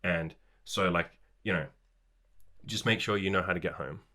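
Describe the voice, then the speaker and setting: A man's voice: low voice, fairly even intonation, normal speed, pushed and bright. A male podcast host talking in a blunt, laid-back way, swearing freely in casual chat.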